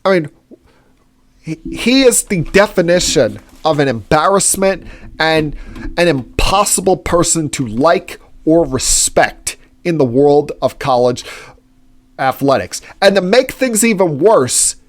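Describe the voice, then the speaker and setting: A man's voice: fairly high pitch, expressive, measured pace. A man hosting a solo sports-talk podcast, giving opinionated, indignant commentary with frequent filler words. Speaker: podcast host.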